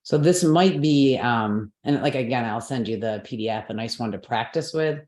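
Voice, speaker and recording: A woman with a very deep, slightly mellow voice explains Sanskrit pronunciation rules at a moderate pace. Patient throughout, she keeps checking in with "right?" and "okay". Her recording sounds roomy and echoey.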